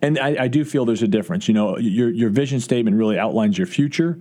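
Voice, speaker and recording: A man's voice: mid-range voice, animated, fast talker, mellow. A man who is a college football coach, answering interview questions earnestly, with frequent restarts and fillers. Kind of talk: podcast interview.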